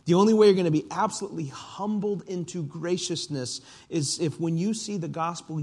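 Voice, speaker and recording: A man preaching a conversational sermon as a church teacher, retelling stories in an animated way. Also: on the high side. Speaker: pastor.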